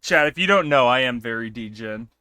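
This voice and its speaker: Man, young, streamer chat, bright sharp tone, dry close sound, animated and laughing. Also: medium pitch, moderate pace, smooth, no echo. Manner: animated, laughing often, swearing freely. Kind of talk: casual live-stream chat.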